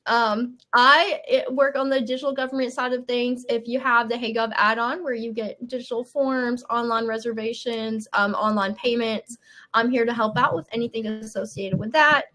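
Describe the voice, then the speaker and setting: A woman from North Alabama with a Southern accent, introducing herself as a customer specialist in a friendly, relaxed way on a video call. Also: a little high, moderate pace. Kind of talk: casual self-introduction.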